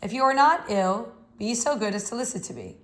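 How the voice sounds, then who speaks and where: A woman's voice: a little high, sing-song, a little fast, a bit bright. A woman reading aloud from a novel, voicing an elderly bearded male school official who speaks with stern concern and earnest pleading.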